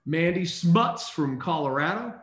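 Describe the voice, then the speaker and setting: A man's voice: a little high, lively intonation, a bit bright, reverberant. Upbeat man hosting a call. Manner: upbeat, reads names briskly. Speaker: host. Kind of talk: casual call recognition.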